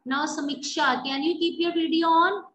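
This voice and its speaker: A woman's voice: very high-pitched, steady tone, moderate pace, fairly bright tone, reverberant, poor audio. A woman teacher giving patient, explanatory feedback in an online class, often checking that students understand. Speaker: English teacher.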